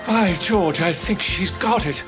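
A man playing an exacting, proper elocution tutor with a slow, deliberate coaching delivery. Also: sits high. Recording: TV clip with loud music.

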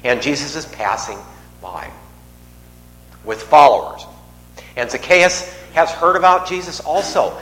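A man's voice: a little high, sing-song, unhurried, pauses often, fairly bright tone. A man preaching a sermon in a church, conversational, joking with the congregation. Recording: echoey hall, faint noise.

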